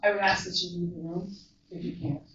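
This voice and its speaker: A woman, a mental health counselor, giving an earnest, measured storytelling talk to a live audience. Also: lowish voice, steady tone, a bit bright. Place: large echoey event room. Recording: echoey, distant, dull live recording.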